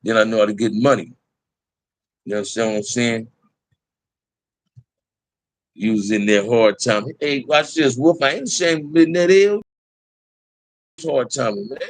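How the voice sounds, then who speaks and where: A man's voice: medium pitch, normal speed, long pauses, no echo. A middle-aged man telling prison stories in casual talk to a live chat, candid and laid-back, full of street slang.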